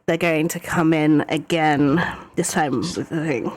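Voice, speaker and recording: A woman's voice: low voice, steady tone, unhurried. A woman running a tabletop game as dungeon master, chatty and giggly as she rattles off dice rolls and damage.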